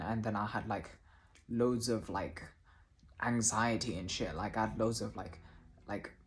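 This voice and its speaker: A man telling a personal story casually to camera, halting often and restarting his sentences, with the odd swear word. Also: on the low side, a little hiss or hum. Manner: hesitant, many restarts and fillers, casual swearing. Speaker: vlogger.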